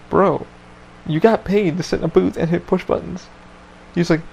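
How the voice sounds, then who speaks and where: A man's voice: sits high, fairly even intonation, normal speed, vocal fry, a little mellow, slight background noise, poor audio. A man hosting a podcast, telling a story in a casual chat with lots of swearing and loose rambling. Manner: profane, laid-back, loose rambling. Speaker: podcast host.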